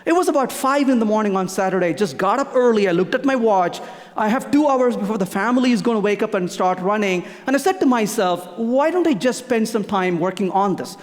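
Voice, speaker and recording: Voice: mid-range voice, animated, brisk. A conference speaker giving a technical talk, hammering home key points by repeating them, with frequent restarts. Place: conference hall. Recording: long reverb of a large hall.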